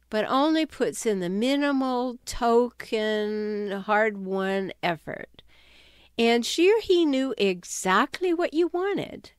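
A woman giving advice on toxic relationships in an emphatic, animated way. She sometimes drops her voice to act out quoted sarcastic remarks. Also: on the high side, smooth, dry recording, clean studio sound. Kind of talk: talking-head advice video.

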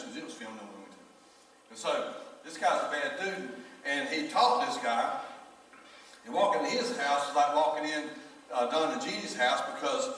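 A man, a pastor telling a story in his sermon and acting out the people in it. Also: a little high. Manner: animated storyteller acting out quoted voices. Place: church sanctuary. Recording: echoey church hall from far off.

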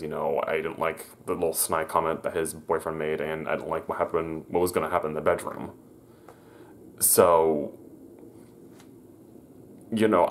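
A man telling a personal story to his viewers, halting, stammering and correcting himself as he goes. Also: extremely low pitch, slight background noise. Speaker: vlogger.

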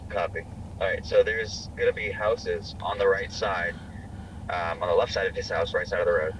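A man with a very deep voice gives terse, matter-of-fact callouts. He sounds far from the mic, with clear vehicle noise around him. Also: fairly even intonation, normal speed. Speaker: bounty hunter partner. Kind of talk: radio-style callouts.

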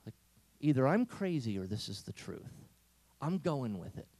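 A man giving an energetic, humorous inspirational talk to teenagers, telling stories. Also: mid-range voice, moderate pace, dry recording. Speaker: speaker.

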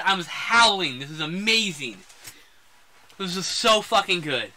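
Podcast co-host, male, high and very bright, excitable profane movie rants. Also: moderate pace. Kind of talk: casual movie review chat. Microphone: desk mic on a live stream.

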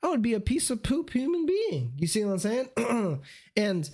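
A man's voice: extremely high pitch, big pitch swings, normal speed, a little mellow. A man talking on a live stream in a loose, slangy way, often circling back to check he is understood. His voice is getting strained, as he says he is losing it. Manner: slangy, repeats "you see what I'm saying". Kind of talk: casual live-stream commentary.

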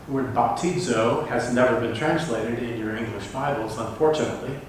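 A man's voice: mid-range voice, normal speed, a little hiss or hum. Man preaching in an echoey hall. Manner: dramatic rises when reading scripture aloud. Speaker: pastor. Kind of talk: sermon. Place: church sanctuary. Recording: echoey church hall from far off.

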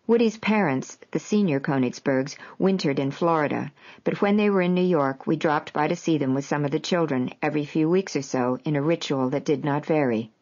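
A woman narrating a memoir in the first person, with a measured, even reading. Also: low voice. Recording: dull lo-fi audio.

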